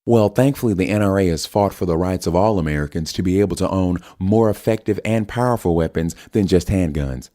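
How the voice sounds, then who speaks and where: A man's voice: low voice, a little fast, few pauses, dark tone, pitched above the performer's own voice, lightly acted. A man voicing a brash female conservative pundit with a thick Southern US accent, combative and sneering.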